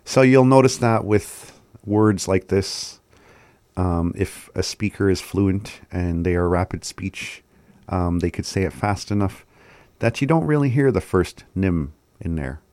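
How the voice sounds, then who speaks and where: A man's voice: deep voice, a little slow, a little mellow, no echo. A man giving a casual language lesson, sounding words out syllable by syllable and often laughing at himself. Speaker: language teacher.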